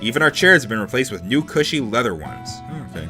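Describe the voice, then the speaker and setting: A man's voice: mid-range voice, sing-song, fast talker, over music. A man reading a visual novel aloud as host, dropping sarcastic asides between the lines of narration. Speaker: let's play host.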